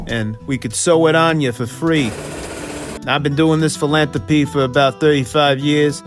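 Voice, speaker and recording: A man playing a brash male superhero in a spoof ad, rambling and crude as he pitches free limb clinics. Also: lightly acted. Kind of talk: comedy spoof ad.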